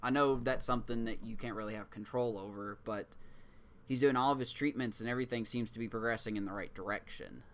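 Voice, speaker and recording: A man's voice: lowish voice, fast talker. A man co-hosting a sports podcast in loose, rambling, jokey casual chat. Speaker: podcast co-host.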